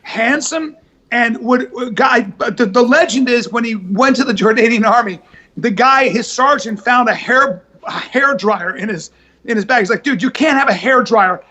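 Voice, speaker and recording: A man chatting as a podcast guest, telling animated stories with many restarts and some swearing. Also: very high voice, moderate pace. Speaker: guest, comedian and actor. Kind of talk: casual podcast chat.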